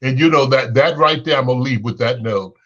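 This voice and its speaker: Bright, sassy man ranting, lo-fi. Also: a little fast. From Chicago. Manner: blunt, sassy, swings pitch up when exasperated. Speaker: talk show host. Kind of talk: unscripted monologue rant.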